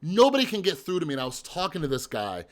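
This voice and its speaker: A man's voice: fairly high pitch, huge pitch swings, fast. Blunt, profane man telling his story. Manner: blunt, profane, emphatic, rhetorical asides. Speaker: mental health vlogger. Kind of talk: candid personal storytelling.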